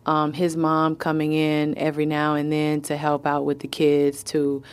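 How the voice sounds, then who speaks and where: A woman's voice: deep voice, monotone, moderate pace, clear, resonant tone. A woman guest in an interview, chatting casually and telling family stories, laughing often and acting out what others said. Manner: laughs often, tells stories with quoted voices.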